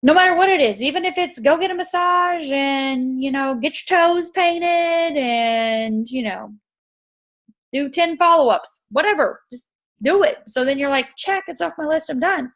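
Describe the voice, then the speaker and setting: A middle-aged woman with a fairly high voice gives a casual pep talk to her marketing team. She is animated and blunt, swearing freely. She keeps slipping into lively acted-out exchanges with the people she coaches. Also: unhurried. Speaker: network marketing team leader.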